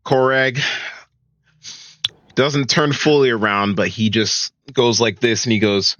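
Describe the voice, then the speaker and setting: A man's voice: medium pitch, fairly even intonation, takes it slowly, long pauses, fairly bright tone, no echo. A man playing a tabletop game, talking hesitantly and laughing often. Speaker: player. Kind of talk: casual tabletop play.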